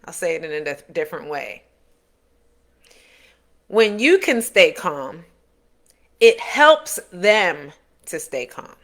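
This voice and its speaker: Bright, forceful woman giving parenting advice. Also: fairly low pitch, big pitch swings, slow pace, pauses often. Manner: earnest, coaching, repeats and rephrases points. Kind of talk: direct-to-camera advice talk.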